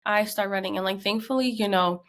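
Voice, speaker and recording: A woman's voice: mid-range voice, brisk, a bit bright. A young woman co-hosting a podcast, emotionally retelling a tense story with lots of fillers. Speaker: podcast co-host. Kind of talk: casual storytelling.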